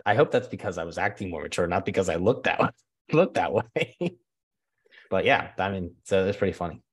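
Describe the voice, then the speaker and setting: A man's voice: low-pitched, fast, slightly rough. A man in his thirties telling a story in a loose, chatty way, full of fillers and laughs. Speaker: guest. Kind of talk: casual storytelling.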